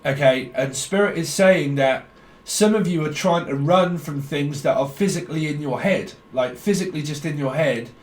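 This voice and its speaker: A man's voice: on the high side, normal speed. A man giving a rambling, blunt tarot reading, talking in a stream of consciousness and swearing freely. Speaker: tarot reader. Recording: echoey room, distant mic.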